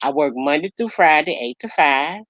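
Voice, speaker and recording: A woman's voice: sits low, animated, moderate pace, fairly bright tone, dry recording, dull audio. A woman hosting a casual livestream chat, talking affectionately and calling people baby and honey. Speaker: livestream host.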